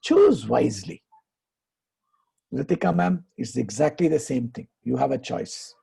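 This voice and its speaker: A man, a happiness coach giving advice and telling stories in a deliberate way, slowing down for emphasis. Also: mid-range voice, gravelly, dark tone, husky. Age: 50s. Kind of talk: conversational advice, storytelling.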